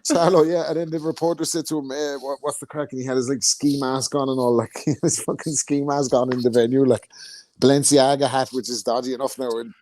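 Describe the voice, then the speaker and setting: A man's voice: steady tone, fairly quick, warm tone. A man, co-hosting a casual boxing chat, telling stories with lots of swearing and putting on voices of fighters. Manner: sweary storytelling, mimics fighters in higher voices. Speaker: podcast co-host.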